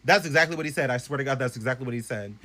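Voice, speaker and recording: Animated, profane young man telling a story. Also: medium pitch, racing. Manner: animated, profane, swings from loud bursts to hushed asides. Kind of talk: casual spoken storytime to camera. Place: bedroom at home. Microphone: phone camera.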